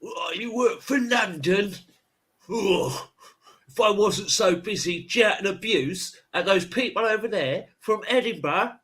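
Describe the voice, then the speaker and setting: A man voicing a rude, angry Scottish male security guard who swears loudly and shouts abuse. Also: high voice, animated, a little slow, voice pushed up. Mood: abusive. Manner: loud, rude, swearing, hostile.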